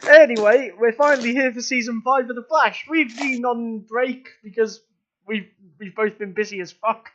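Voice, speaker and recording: Young male podcast co-host, high voice, laughs and swears a lot, muffled lo-fi sound. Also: a bit bright. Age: young adult. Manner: laughs often, swears, quick asides. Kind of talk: casual chat. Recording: dull lo-fi audio.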